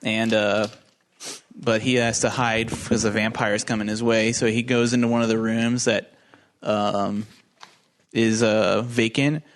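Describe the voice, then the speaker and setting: A man's voice: lowish voice, little pitch movement, unhurried. Rambling man recapping a movie. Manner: rambling, laughs often, swears, acts out quotes. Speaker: podcast co-host. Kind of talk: casual movie recap chat.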